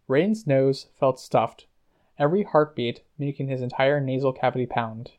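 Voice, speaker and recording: A man narrating a novel in a measured, even storytelling voice. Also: mid-range voice. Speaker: audiobook narrator. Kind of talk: scripted narration.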